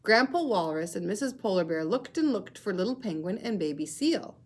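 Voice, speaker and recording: A woman teacher reading a picture book aloud to her class, slow, clear and expressive. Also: medium pitch.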